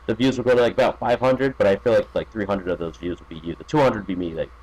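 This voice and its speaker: A man's voice: fairly low pitch, quick pace, a little mellow, low-quality recording. A man chatting as a podcast guest, rambling with many fillers, restarts and profanity. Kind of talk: casual podcast chat.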